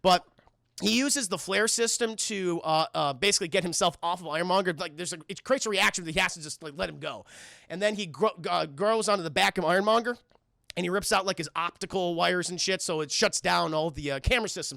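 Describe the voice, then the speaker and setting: Male streamer, high gravelly voice, bright tone, dry close mic; animated, profane film recap with lots of fillers. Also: no room sound. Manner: animated, swears often, acts out lines in quick bursts; many fillers and restarts. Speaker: film reviewer streaming live. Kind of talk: casual scene-by-scene film recap to live chat. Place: home streaming setup.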